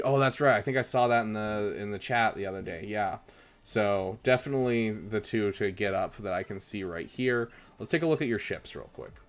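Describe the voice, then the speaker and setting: A young man casually chatting on a live stream, giving relaxed advice with lots of ums and uhs. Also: fairly low pitch. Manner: relaxed, chatty, many fillers, gives advice. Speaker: streamer reviewing viewers' game rosters.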